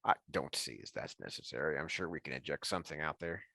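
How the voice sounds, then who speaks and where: A man's voice: a bass voice, lively intonation, quick pace, gravelly, pushed and bright, no room sound. A man playing a tabletop game, talking in a cautious, hedging, rambling way. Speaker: player. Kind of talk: tabletop role-play chat.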